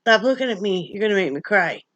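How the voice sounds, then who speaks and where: An older woman from Wyoming, vlogging in casual, rambling chat to her viewers, emotional and quick to laugh. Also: mid-range voice, expressive, lo-fi sound, heavy background noise. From Wyoming, USA.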